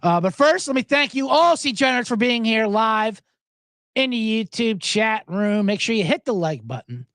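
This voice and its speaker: A man hosting a podcast, chatting casually and rambling through stories, acting out other people's lines in loud, higher voices. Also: expressive, normal speed, smooth, dry recording. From South Jersey, USA. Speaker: podcast host. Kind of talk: casual chat.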